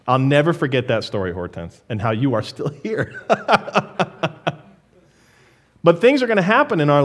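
A male pastor preaching a sermon to his congregation in church, talking to them earnestly and directly. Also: a little high.

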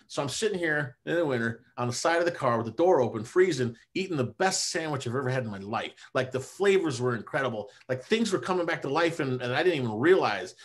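A man recounts his own story as a podcast guest in a relaxed, lively conversational way. His voice sits at an ordinary middle pitch for a man. He keeps the story rolling with easygoing asides. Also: husky. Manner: animated, conversational, drops "man" and "you know" often. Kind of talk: casual personal storytelling.

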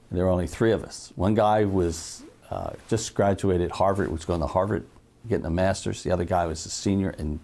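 An older man telling lively anecdotes in an oral-history interview, acting out the people he quotes. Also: deep voice, gravelly. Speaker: interviewee, former TV newsman.

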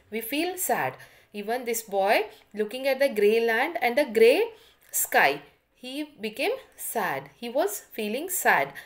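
A woman teacher with an Indian accent, giving an online English lesson. She goes through a story line by line, repeating phrases and explaining the meaning of each word. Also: on the high side.

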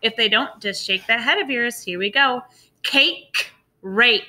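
A woman teacher leading a phonics lesson for young children, sounding out words slowly and praising often. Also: fairly high pitch, pushed and bright. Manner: slow, drawn-out sounding out of words; encouraging, praising.

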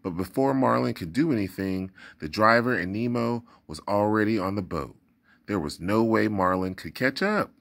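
Man, storybook read-aloud, deep low voice, very lively intonation, dramatic reading. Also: moderate pace, vocal fry. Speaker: storybook reader.

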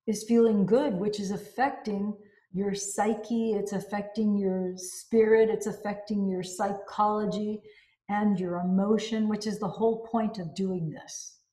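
Brief: female book reviewer, warm, effusive, reading then chatting, roomy reverb. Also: mid-range voice. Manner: effusive, expressive. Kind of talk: reading aloud and casual commentary. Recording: roomy echo.

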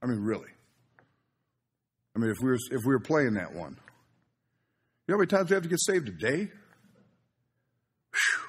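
A male pastor, preaching in a husky voice at an ordinary middle pitch. His delivery is folksy and conversational rather than formal. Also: sing-song, normal speed, long pauses. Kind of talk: sermon.

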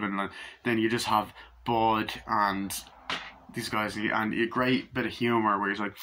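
A man reviewing a film in a casual, excited way, swearing often and acting out quoted lines, with a husky voice. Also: lowish voice, unhurried. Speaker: movie reviewer.

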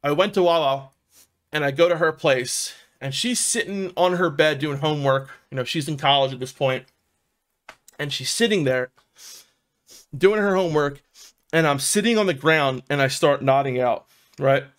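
A man's voice: on the high side, normal speed, a bit bright. Profane rambling Philly guy. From South Philadelphia, USA. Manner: rambling and profane, fills with "man" and "dude". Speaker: vlogger telling his own recovery story. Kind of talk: casual personal storytelling.

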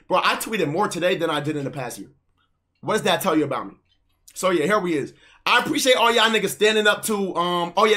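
A man's voice: a little high, pushed and bright. A young man streaming, ranting in casual, profane, heated slang. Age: young adult.

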